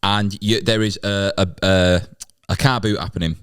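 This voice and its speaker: A man's voice: low-pitched, fairly even intonation, normal speed, fairly bright tone, clean tone. A man hosting a podcast who builds a comedy bit in loose, rambling, hesitant chat.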